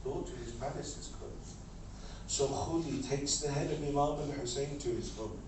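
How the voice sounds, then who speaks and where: A man reciting a mourning sermon in short repeated lines that build into a shouted lament. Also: medium pitch, normal speed, noisy background. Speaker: majlis reciter. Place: large hall at a mourning gathering. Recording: echoey hall from far off with music.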